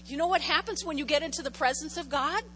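Woman pastor, high bright voice, chatty sermon with repeated phrases and "okay?" asides. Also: fast talker, slight background noise, poor audio. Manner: conversational, repeats phrases, frequent "okay?" check-ins; shifts from loud prayer to soft invitation. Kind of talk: sermon with altar call. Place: church.

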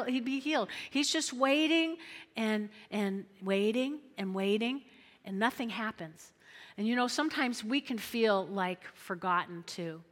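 A middle-aged woman pastor preaching an animated sermon in a church, repeating phrases and acting out voices. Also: on the high side, long reverb tail. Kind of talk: lively sermon with acted-out quotes.

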